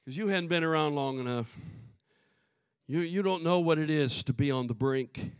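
A man preaching a fervent sermon to his congregation, swinging from booming shouts to soft asides and calling out to the crowd. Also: normal speed, smooth, no echo, studio quality. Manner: calls out to the congregation.

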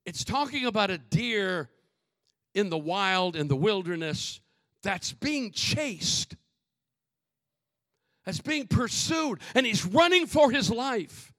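A man preaching a fervent sermon to his congregation, swinging from booming shouts to soft asides and calling out to the crowd. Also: lively intonation, slow, long pauses, no room sound, clean studio sound. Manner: calls out to the congregation.

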